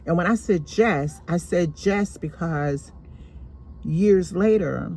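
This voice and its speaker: A woman slowly and deliberately telling a painful personal story from her childhood. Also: on the low side, mellow. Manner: slow, deliberate, emotional retelling.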